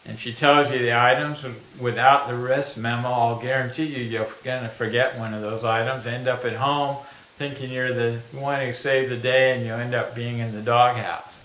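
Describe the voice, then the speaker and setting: A middle-aged man pitching his own invention in a plain, folksy way, acting out little everyday scenes. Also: flat delivery, moderate pace, fairly bright tone. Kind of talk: product pitch video. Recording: echoey room.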